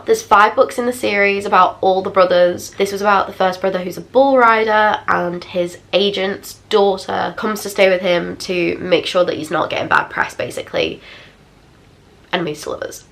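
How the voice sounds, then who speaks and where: A young woman in her twenties, chatting casually and expressively as she reviews books for her vlog. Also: mid-range voice. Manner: chatty, expressive, self-deprecating asides. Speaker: book vlogger. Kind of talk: casual book review chat.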